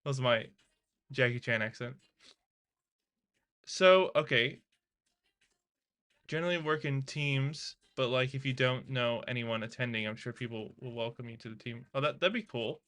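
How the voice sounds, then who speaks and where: A chatty male streamer who talks casually with his viewers and laughs easily. His voice is bright and forward, at an ordinary pitch. His tone is relaxed and conversational. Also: measured pace, long pauses. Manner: chatty, laughing, talks to viewers and reads their chat aloud. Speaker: live streamer learning to code. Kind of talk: casual live-stream chat.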